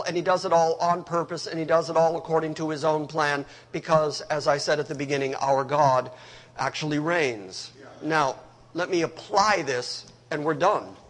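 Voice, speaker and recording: A man's voice: on the high side, a bit bright. A male preacher giving a sermon in a church hall, emphatic and conversational, talking straight to the congregation.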